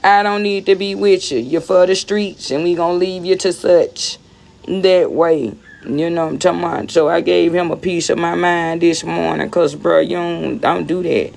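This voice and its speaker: A woman's voice: on the low side, fairly even intonation, normal speed, gravelly, a little mellow. A woman ranting bluntly on a phone livestream, rambling and repeating herself as she talks straight to her viewers. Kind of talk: casual livestream rant.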